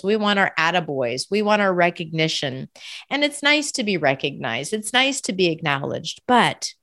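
A woman speaks in a slow, unhurried way as she gives a devotional reflection. Her tone is earnest and she often asks rhetorical questions. She breaks into short prayerful asides. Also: medium pitch. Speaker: Catholic speaker reflecting on scripture.

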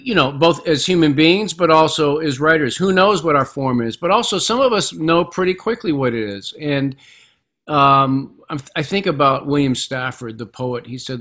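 A man's voice: on the high side, moderate pace, a bit bright. A middle-aged man, a guest author in an interview, speaking reflectively and repeating words as he gathers his thoughts. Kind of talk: conversational interview.

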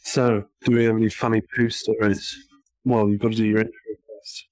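A man's voice: fairly low pitch, little pitch movement, a little fast, darkish tone, no room sound. A man co-hosting a podcast, a father chatting casually in a teasing, laid-back manner. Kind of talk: casual chat.

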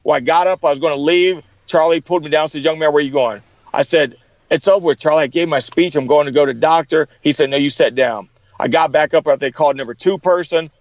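A man's voice: a little high, quick pace, no room sound, lo-fi sound. A middle-aged man in an interview, telling stories with energy and acting out the people he quotes. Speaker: guest. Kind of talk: storytelling in an interview.

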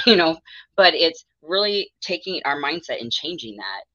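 A woman's voice: deep voice, big pitch swings, moderate pace, sharp tone, no echo, dull audio. A woman in her thirties, a mental health therapist, talking candidly and rambling in an interview, laughing often and acting out her own thoughts.

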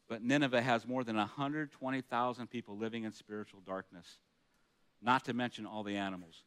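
This pastor's mid-range voice is clear, resonant and fairly bright, and his pace runs a little fast. He delivers an earnest, conversational sermon, pausing his remarks to read scripture aloud and asking the congregation rhetorical questions.

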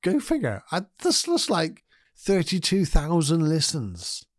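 A man hosting his own podcast, talking in a gentle, candid way and thinking aloud. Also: fairly high pitch, huge pitch swings, a little slow, no room sound, studio quality. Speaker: podcast host. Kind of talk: reflective solo podcast talk.

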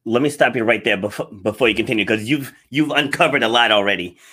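A man's voice: medium pitch, fast talker, pushed and bright. A man hosting a podcast, interviewing his guest in an enthusiastic way and laughing easily. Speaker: podcast host.

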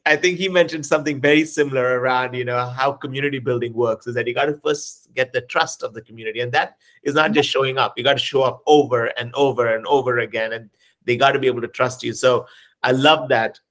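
A man's voice: mid-range voice, fairly even intonation, fast, a bit bright. A man hosting an interview podcast, talking with enthusiasm and plenty of fillers. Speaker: podcast host. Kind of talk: casual interview chat.

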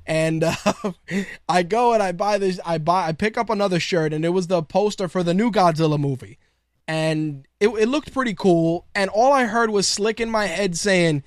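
A man's voice: high voice, dry recording, clean studio sound. A man hosting his own podcast in casual solo talk, rambling, laughing often and swearing freely. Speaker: podcast host.

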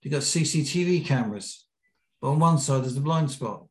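A British man, a podcast guest, telling a lively anecdote and acting out the quotes. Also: medium pitch, normal speed. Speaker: podcast guest, BASE jumper. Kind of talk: storytelling in an interview. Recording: roomy echo.

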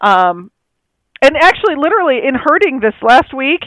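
A woman's voice: sits high, big pitch swings, normal speed, a bit bright, no echo, poor audio. A woman co-hosting a casual chat about dog training, rambling and acting out her dogs' thoughts in little quoted voices.

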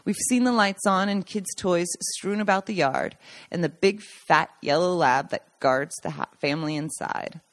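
A woman's voice: on the low side, normal speed, dry recording. Woman reading her memoir aloud. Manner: warm storytelling read with small slips, restarts and laughs. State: choked up at times. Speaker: podcast host reading her own book.

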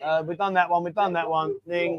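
A man's voice: high voice, level tone, quick pace, clean tone, lo-fi sound. A man hosting a casual live stream, chatting with viewers, reading out their messages and calling everyone mate.

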